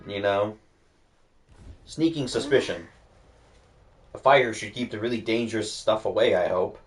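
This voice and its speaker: Sardonic low-voiced gamer man. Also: measured pace. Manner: sardonic, swears casually, jokey. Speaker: game streamer. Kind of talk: casual let's-play commentary.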